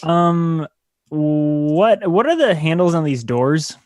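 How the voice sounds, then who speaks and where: A man's voice: fairly high pitch, expressive, slow pace, darkish tone, no echo, studio quality. A man playing a tabletop game, laying out his plans step by step with some hesitation. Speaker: player. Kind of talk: casual tabletop play.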